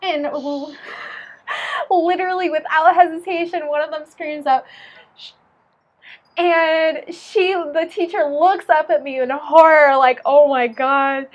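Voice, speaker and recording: A woman's voice: very high voice, unhurried, lo-fi sound. A woman who teaches young children, chatting casually and telling stories animatedly, acting out the voices. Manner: animated storyteller, acts out voices, laughs often. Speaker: co-host and book reader. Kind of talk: casual chat with read-aloud passages.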